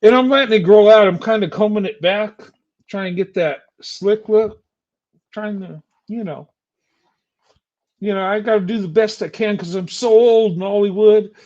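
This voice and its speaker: Older guy ranting mad on a livestream, high-ish voice, kinda muffled lo-fi sound. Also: a little slow, darkish tone. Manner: angry, insulting, taunting. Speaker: streamer. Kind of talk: heated livestream rant.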